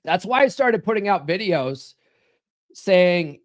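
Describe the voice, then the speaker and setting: A man's voice: sits high, expressive, slow. A man hosting a live stream, talking casually in a blunt, profane, coaching tone. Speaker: live stream host giving dating advice.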